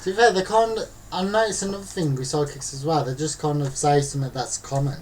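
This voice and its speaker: A man co-hosting a casual chat, telling stories in an animated way and mimicking people in exaggerated voices. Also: on the high side, fast talker. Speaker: podcast co-host. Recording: distant mic with faint background noise.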